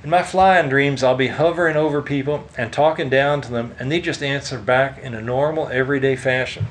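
A man's voice: medium pitch, a little fast, a little hiss or hum, close to an everyday voice, poor audio. A man voicing a wry, dreamy man who muses aloud in a raised, emphatic way. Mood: musing.

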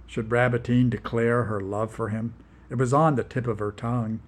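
A man narrating a story in a wry voice, dropping low and slow for quiet moments. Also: fairly even intonation. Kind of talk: storybook reading.

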